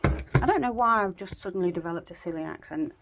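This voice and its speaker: A woman's voice: on the low side, animated, quick pace, very noisy. A woman vlogging casually from her home craft room, chatty and self-deprecating, rambling with plenty of fillers. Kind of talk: casual chat to camera.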